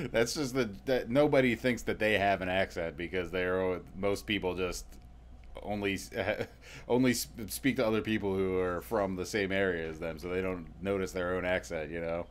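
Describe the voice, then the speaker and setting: A man with a Delaware County accent co-hosting a casual podcast chat with a dry, deadpan delivery. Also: sits low, moderate pace, slight background noise. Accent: Delaware County Pennsylvania. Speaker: podcast co-host.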